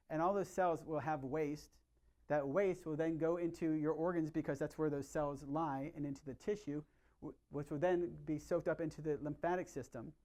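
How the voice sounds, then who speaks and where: Upbeat middle-aged man, fairly high voice. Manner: energetic, conversational, asks the audience questions. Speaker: chiropractor giving a health talk. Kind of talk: live workshop talk to patients.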